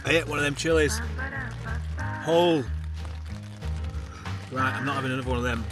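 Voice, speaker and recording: A man's voice: medium pitch, normal speed, rough recording. A young man filming a camping vlog, laughing at his own mishaps. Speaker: hiking vlogger. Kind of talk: casual outdoor vlog. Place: campsite outdoors and in a tent. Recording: music playing under the voice.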